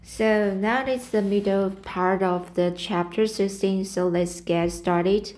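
Slow careful woman reading aloud. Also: medium pitch, steady tone, a little mellow. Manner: careful, halting, rereads and corrects words. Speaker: reading teacher. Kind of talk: slow read-aloud of a novel with word explanations.

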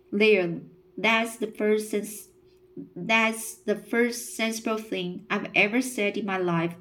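A blunt young woman friend who speaks her mind and teases, read by a woman in her own voice. The reading is slow, with a middle pitch. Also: lightly acted.

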